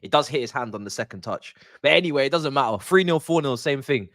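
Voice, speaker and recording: A man's voice: mid-range voice, animated, fast talker, fairly bright tone, no room sound, clean studio sound. A young man hosting a live football watch-along, ranting in exasperation and slang.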